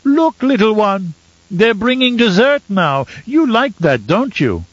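A man playing a grandfatherly old nobleman whose voice rises high and soft as he gushes over a child. The delivery is cooing and eager. Dry, slightly dull audiobook sound. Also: big pitch swings, unhurried, dry recording, exaggerated voice. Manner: gushing, cooing baby talk. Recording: slightly muffled dry recording.

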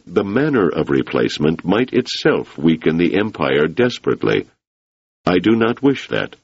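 A man reading the part of an ambitious, forceful male politician who talks in an urging, insistent way. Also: sits low, gravelly, husky, dry recording, muffled recording, exaggerated voice.

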